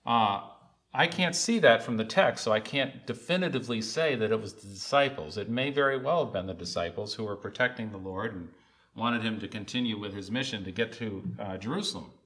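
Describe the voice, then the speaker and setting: A man preaching a sermon in an earnest way, often repeating lines and rising to loud, emphatic calls. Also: medium pitch.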